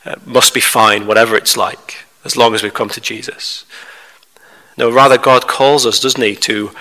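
A man preaching a sermon as a pastor, measured and emphatic, with rhetorical questions to his congregation. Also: medium pitch, pushed and bright, big-room sound, low-quality recording. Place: church.

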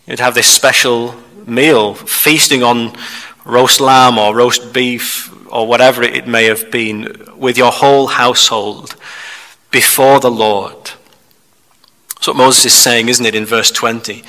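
A man preaching a measured expository sermon, turning to the listeners with rhetorical asides. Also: medium pitch, steady tone, sharp tone. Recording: long hall reverb.

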